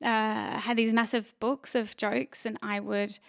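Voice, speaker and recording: A woman's voice: fairly high pitch, little pitch movement, unhurried, creaky, fairly bright tone, dry recording, studio quality. Rambling, chatty woman guest. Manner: rambling storyteller with many fillers. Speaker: podcast guest, actor and comedian. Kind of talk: casual chat.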